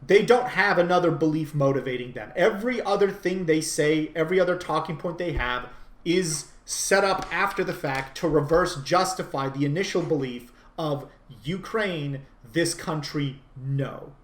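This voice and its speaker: A man speaks with insistent, argumentative emphasis, restarting and circling back on his phrases. His voice sits a little high for a man, and it rings out in a noticeably echoey room. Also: normal speed. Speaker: commentator. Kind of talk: unscripted monologue.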